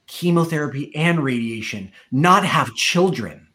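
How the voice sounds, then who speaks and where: A preacher gives his testimony in a sermon, speaking expressively at normal speed. He tells his own story like a storyteller, acting out the quoted voices with rising pitch.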